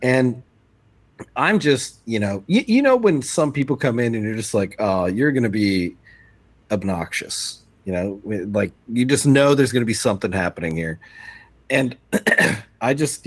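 Animated man telling a story on a podcast. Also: medium pitch, moderate pace, slightly rough, dry recording. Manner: animated storyteller, acts out the people in his stories. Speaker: podcast co-host. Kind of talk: casual storytelling.

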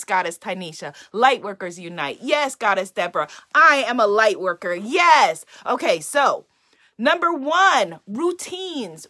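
A woman with a high, bright voice leads a live-streamed inspirational talk from her home as a spiritual self-care coach. She speaks in an affirming, uplifting way, circling back to her key phrases again and again.

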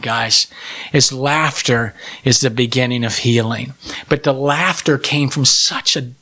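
A man's voice: medium pitch, pushed and bright. A man in his forties, sharing a heartfelt personal testimony as a podcast guest, earnest and emotional, with frequent restarts.

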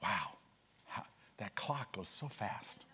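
A male pastor preaches a sermon in church with energy, in quick bursts, posing rhetorical questions and trading call-and-response with the congregation. His voice is on the low side and bright, with big pitch swings, a forceful tone, and a breathy edge.

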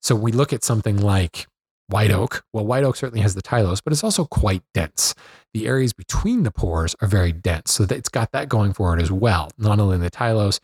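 A man explaining wood and rot in a relaxed, conversational lesson, with fillers and self-corrections. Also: on the low side, brisk, husky, dry recording, clean studio sound. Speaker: woodworking instructor.

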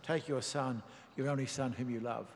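A man preaching a sermon, reading and explaining scripture in a measured, emphatic way. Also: mid-range voice, steady tone. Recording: long reverb of a large hall.

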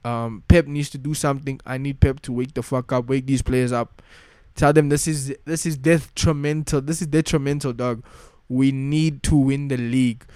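A man's voice: mid-range voice, steady tone, normal speed, a little mellow, clean tone, no room sound. Young man, casual rant, slangy, repetitive, frustrated, dry sound. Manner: frustrated, slangy, repeats himself. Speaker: football fan vlogger.

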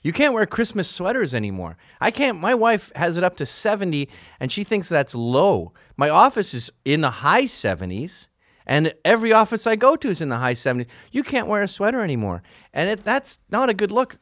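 A man's voice: high voice, big pitch swings, fairly quick, a bit bright, dry recording, studio quality. A middle-aged man hosting a solo podcast, ranting in a profane, sarcastic way. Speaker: podcast host.

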